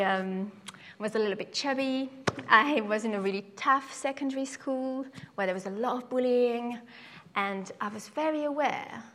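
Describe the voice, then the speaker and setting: A young woman gives a sermon as a personal story. She speaks animatedly in a fairly high voice. She jumps up into higher voices to act out the people in her tale. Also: a bit bright, long reverb tail. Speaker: preacher.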